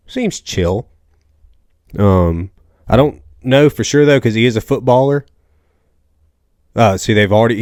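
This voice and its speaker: A man's voice: fairly low pitch, a little mellow, no echo, clean studio sound. A young man from the American South hosting a casual solo podcast, rambling and joking through stories with lots of asides. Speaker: podcast host.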